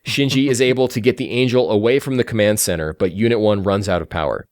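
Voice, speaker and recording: Low-voiced man recapping a film. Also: fast talker, no echo, clean studio sound. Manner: animated plot recap with enthusiasm. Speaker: podcast host recapping a film. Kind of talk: casual podcast chat.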